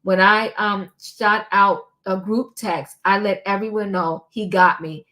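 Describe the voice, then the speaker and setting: Older woman reading aloud haltingly. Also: medium pitch, steady tone, pushed and bright. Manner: halting, with many ums and restarts. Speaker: commentary vlogger. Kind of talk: casual commentary, reading a text aloud.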